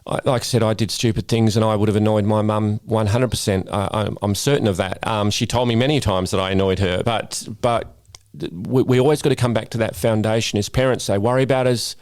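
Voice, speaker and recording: A man's voice: lowish voice, fairly even intonation, brisk, few pauses, a little mellow, dry recording. A middle-aged Australian man, a guest speaker and former police officer, chatting casually in a podcast interview and often repeating words as he starts a sentence. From Western Australia.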